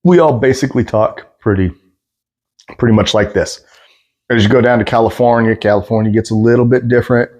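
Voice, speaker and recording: A man's voice: medium pitch, a little fast. A man from the Pacific Northwest with a general American accent, chatting casually with many fillers as he reacts to a video. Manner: relaxed, explains at length with many fillers. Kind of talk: casual commentary.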